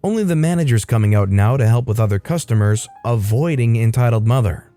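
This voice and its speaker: Man, reddit story narration, mellow warm voice, faint music behind. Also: mid-range voice, animated, fairly quick.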